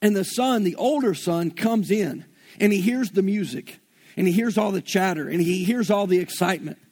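A man's voice: high voice, moderate pace, darkish tone. A man with a Southern US accent preaching an earnest, folksy sermon and retelling scripture in everyday slang. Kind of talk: conversational sermon.

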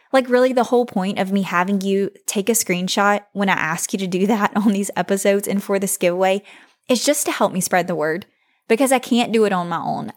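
Earnest woman hosting a solo podcast. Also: medium pitch. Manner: earnest, heartfelt, faith-focused. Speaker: podcast host.

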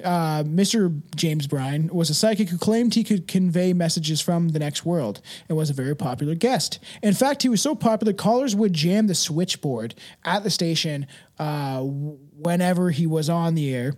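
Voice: mid-range voice, normal speed, darkish tone. A podcast co-host reading a ghost story aloud in a casual way, laughing often and stumbling over the words.

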